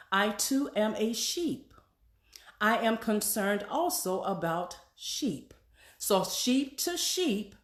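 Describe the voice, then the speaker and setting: A woman's voice: mid-range voice, roomy sound. A woman who is an executive pastor, preaching a sermon to her congregation with repeated questions and call-and-response phrases.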